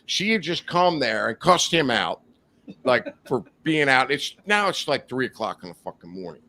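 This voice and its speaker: A man's voice: medium pitch, big pitch swings, moderate pace, pushed and bright. A man, a podcast guest, telling a wild story in a rowdy, profane, laughing way. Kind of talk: casual storytelling. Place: studio.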